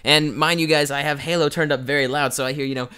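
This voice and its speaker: A man's voice: fast, clean tone. A young man who runs a gaming channel, telling a story casually and acting out the people in it with big jumps in his voice. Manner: animated, acts out quoted voices with big pitch jumps.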